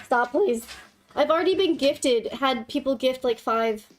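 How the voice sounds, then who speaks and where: A woman's voice: high-pitched, animated, a little slow, a little hiss or hum. A young woman hosting a casual livestream, giggly and gushing, swearing casually as she chats. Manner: giggly, swears casually, gushes over her cat. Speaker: livestream host.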